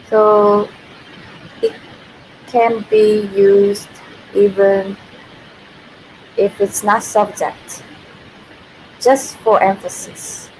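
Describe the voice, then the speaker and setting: A woman's voice: medium pitch, rough recording. A young Korean woman with a Korean accent, teaching her language in a casual, chatty livestream and reading viewer comments as she goes. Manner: chatty, laughs often, reads viewer comments. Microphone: built-in computer mic. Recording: faint background noise, built-in mic.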